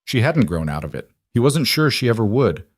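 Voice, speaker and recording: A man narrating a scripted story in a steady, plain manner. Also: medium pitch, brisk, dry recording, clean studio sound.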